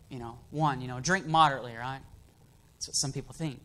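A man's voice: medium pitch, fast, a bit bright. A man preaching an emphatic sermon in a church, asking the congregation for amens.

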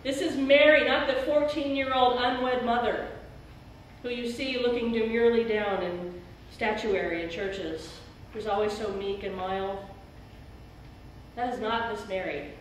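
A woman's voice: a little high, steady tone, measured pace, slight background noise. A middle-aged woman pastor preaching an earnest, emphatic sermon in a church sanctuary. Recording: very echoey church hall, speaker far from mic.

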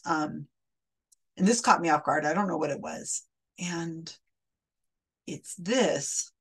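Woman host, lowish voice, casual wry explainer who restarts her sentences as she goes. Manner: chatty, wry, self-correcting.

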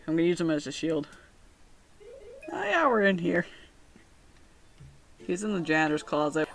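A woman's voice: lowish voice, a little hiss or hum. A woman giving casual, joking commentary as she plays a video game, often laughing and reading game text aloud. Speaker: video game let's player.

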